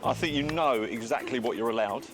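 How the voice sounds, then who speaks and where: A man working as a customs officer questions a traveller firmly and sternly. He talks fast at a middle pitch. Music can be clearly heard underneath his voice. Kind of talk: documentary interrogation.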